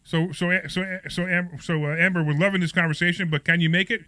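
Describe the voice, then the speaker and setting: A man hosting a live call-in radio show, joking and chatting quickly with callers. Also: high-pitched, fairly even intonation, sharp tone, no echo.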